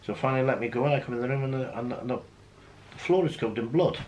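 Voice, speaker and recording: A man's voice: medium pitch, rapid-fire, darkish tone, slight background noise, rough recording. A middle-aged British man with a British accent, telling a story earnestly in casual chat, repeating himself for emphasis. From United Kingdom. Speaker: vlogger's husband.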